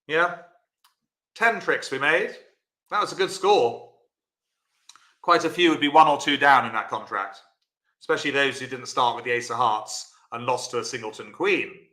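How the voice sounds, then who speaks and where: Bright-voiced man teaching bridge. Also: mid-range voice, moderate pace, echoey room. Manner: chatty, encouraging, answers viewers by name. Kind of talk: live-streamed bridge lesson.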